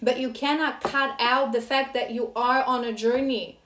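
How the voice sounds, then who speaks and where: Woman doing a tarot reading, kinda high voice, earnest and preachy, echoey room. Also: steady tone, moderate pace, a bit bright, a little hiss or hum. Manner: earnest, scolding, emotional. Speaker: tarot reader. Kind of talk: spiritual tarot reading to viewers.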